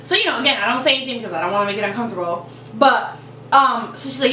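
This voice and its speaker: A young woman vlogger telling a story in a casual, animated way, full of "like" and quick asides. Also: a little high, echoey room, far from the mic, slight background noise, rough recording.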